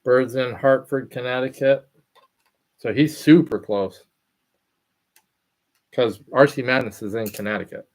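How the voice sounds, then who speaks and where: A man's voice: mid-range voice, fairly even intonation, a little slow, long pauses. Easygoing man chatting with his stream. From California. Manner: loose and rambling, answering chat messages aloud. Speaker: RC hobby livestreamer. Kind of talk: casual livestream chat.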